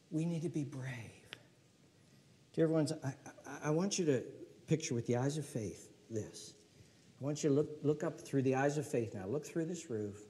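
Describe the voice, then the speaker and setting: An older male pastor preaching a sermon emphatically, asking rhetorical questions and sometimes dropping to a hushed whisper. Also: medium pitch.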